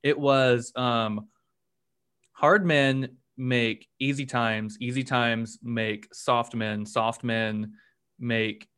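A man's voice: medium pitch, steady tone, extremely slow, fairly bright tone, smooth. A man hosting a podcast, chatting casually in a loose, rambling way full of fillers. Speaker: podcast host.

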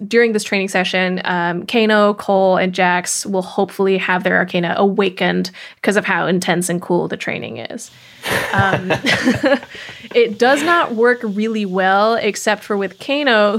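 A woman co-hosting a podcast, recapping a movie plot in casual chat with frequent fillers. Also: mid-range voice. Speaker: podcast co-host.

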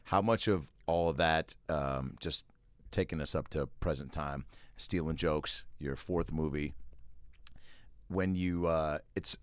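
A man's voice: extremely low pitch, slow pace, clear, resonant tone, dry recording. A man hosting a comedy podcast, chatting casually and jokily with a guest and swearing freely. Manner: animated, jokey, swears freely. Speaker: podcast host. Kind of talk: casual interview chat.

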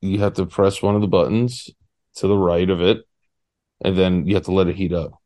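A young man talking in an easygoing, meandering way, full of "like" and restarts. His voice sits a little low. He is chatting on a podcast from a cabin. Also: steady tone, brisk, mellow. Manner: rambling, filler-heavy, laid-back. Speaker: podcast co-host. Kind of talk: casual chat. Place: rented cabin, indoors.

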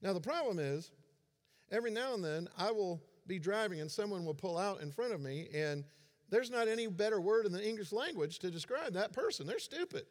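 A man's voice: sits high, lively intonation, fairly quick. A man in his forties giving a sermon as a pastor, conversational and self-deprecating in his humor. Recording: long hall reverb.

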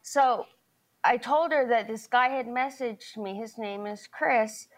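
Speaking slowly in a fairly high voice, a middle-aged woman tells her story as the plaintiff in a small claims case on a televised courtroom show. Her account rambles, full of restarts and quoted dialogue.

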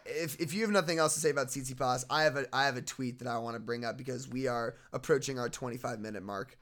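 A man's voice: mid-range voice, quick pace, fairly bright tone. A man hosting a casual podcast, steering the segments and reading posts aloud, laughing easily. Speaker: podcast host.

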